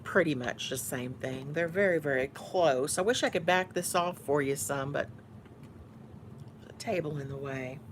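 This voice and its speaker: A woman's voice: sits low, moderate pace, slight background noise. A woman from Houston with a Texan Southern accent, chatting casually while eating on camera, teasing and mock-bossy. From Houston, Texas. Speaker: YouTuber.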